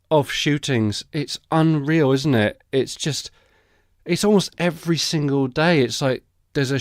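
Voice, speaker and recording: A man's voice: mid-range voice, clean tone, dry recording, studio quality. A man hosting a solo podcast, commenting on the news in a sarcastic, profane, conversational way. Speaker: podcast host.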